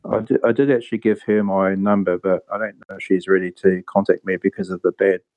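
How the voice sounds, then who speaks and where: A man's voice: low-pitched, steady tone, fast talker, a little mellow. A man with an accent that sounds a bit British, a guest on a podcast, talking hesitantly with many ums and restarts. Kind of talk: casual podcast chat.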